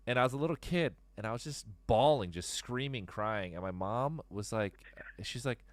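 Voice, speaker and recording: A man's voice: medium pitch, expressive, moderate pace, no echo. A man in his forties hosting a live stream and chatting with callers, rambling, restarting sentences and swearing freely. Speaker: stream host taking callers. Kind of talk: casual chat.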